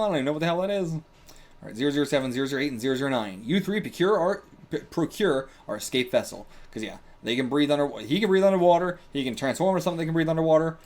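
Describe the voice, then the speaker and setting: A young man reading a manga aloud and reacting casually, excitable and laughing, with bursts of swearing. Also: mid-range voice, fast. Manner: excitable, swears, laughs, puts on brief character lines.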